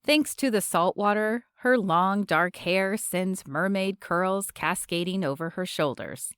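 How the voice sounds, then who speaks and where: A woman narrating a romance audiobook in a measured, expressive reading from a close studio mic. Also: medium pitch, clean tone, no room sound.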